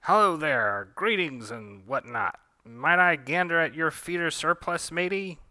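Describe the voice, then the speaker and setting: A swaggering pirate-talking woman, loud and boisterous, as a man puts her on. Her voice sits up high and sounds bright in a dry, close recording. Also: unhurried, no echo. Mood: brash. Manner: stock pirate slang, boisterous.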